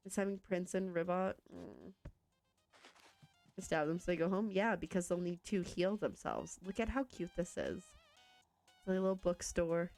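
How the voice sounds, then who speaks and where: A woman's voice: on the low side, a little mellow. A young woman chatting casually with viewers while she plays a video game, bubbly and self-teasing. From Canada. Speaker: streamer. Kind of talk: casual live-stream chat while playing a video game.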